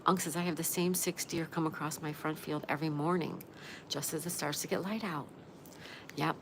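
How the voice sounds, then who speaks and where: A woman's voice: low voice, fairly even intonation, moderate pace, noisy background. Chatty woman reading live chat. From Florida. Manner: chatty, reads out viewer names and messages. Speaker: livestream host. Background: rain ambience.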